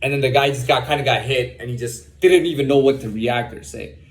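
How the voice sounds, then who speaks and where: A man's voice: medium pitch, brisk. A young man talking in a casual, rambling monologue, repeating words and often saying "man.". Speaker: host.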